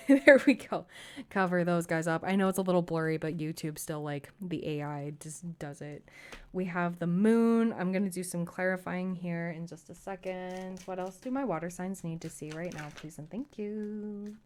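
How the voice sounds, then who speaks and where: An effusive woman reads tarot cards for her viewers in a relaxed, chatty way. Her voice sits a little lower than most women's. She keeps reassuring the listener and breaks into quick exclamations as she goes. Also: clean tone. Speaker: tarot reader. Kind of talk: casual tarot reading to camera.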